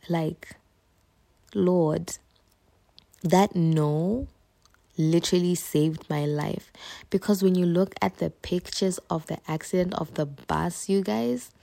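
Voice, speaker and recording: A woman's voice: lowish voice, vocal fry, warm tone. A young woman hosting a faith podcast, telling a personal testimony with emotion and often speaking straight to her listeners. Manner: emotional storytelling, addresses listeners as "you guys". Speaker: podcast host.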